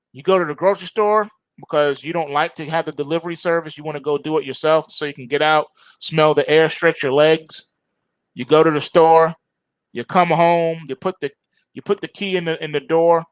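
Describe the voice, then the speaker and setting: A man's voice: fairly high pitch, clean tone, no room sound. A man hosting a trading show, delivering an urgent lecturing warning to viewers with mocking rhetorical asides. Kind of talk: warning monologue.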